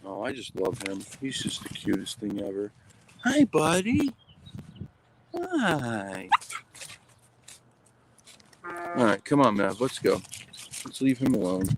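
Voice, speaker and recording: There's noise all around as this show host, phone in hand, takes his dog for a rainy walk and chats in an upbeat, rambling vlog style. He speaks at a normal speed with a fairly low pitch.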